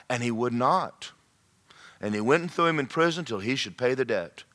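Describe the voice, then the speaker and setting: A man preaches to his congregation, his voice swinging between loud, pressing lines and hushed asides. His pitch moves a lot, and his tone is bright and forceful. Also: lively intonation, fairly quick. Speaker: pastor. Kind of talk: sermon.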